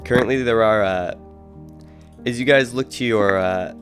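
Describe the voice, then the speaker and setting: Low-pitched guy narrating a tabletop game as game master, loose and filler-heavy. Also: normal speed, soft background music. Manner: relaxed, loose narration with many "uh" and "kinda".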